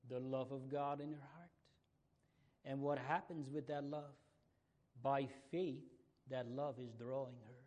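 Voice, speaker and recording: A man's voice: mid-range voice, darkish tone. A man preaching a fervent sermon to a congregation, building to emphatic raised passages and repeating key phrases. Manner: fervent preaching with rising emphatic outbursts and repetitions.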